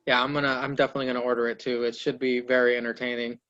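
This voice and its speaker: A man's voice: mid-range voice, flat delivery, racing, a bit bright, highs cut off. A man hosting a casual podcast, recapping wrestling in a loose, swearing play-by-play and mimicking the wrestlers. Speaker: podcast host.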